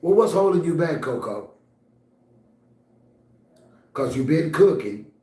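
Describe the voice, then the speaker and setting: A man's voice: a little high, very animated, slow pace, mellow, echoey room. A man hosting a casual livestream, talking straight to his chat in a blunt, scolding, streetwise way. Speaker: livestream host.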